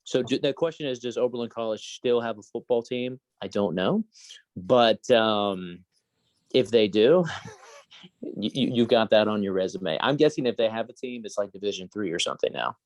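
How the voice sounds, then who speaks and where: A man talks sports on a podcast in a low, rather deep voice. The sound is dry and close, with no room around it. He rambles, hedges and wanders into trivia asides. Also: animated, moderate pace, darkish tone, no echo. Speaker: podcast co-host. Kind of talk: casual sports chat.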